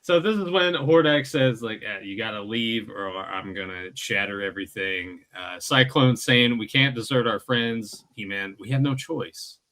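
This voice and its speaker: A man's voice: lowish voice, moderate pace, hardly any pauses, a bit bright. Man laughing through comic chat. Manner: laughs often, asks questions. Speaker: podcast co-host. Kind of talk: casual chat.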